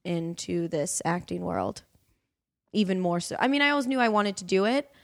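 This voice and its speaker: A young woman, a podcast guest and actress, chatting and telling animated stories. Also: on the low side, normal speed, vocal fry. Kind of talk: casual chat.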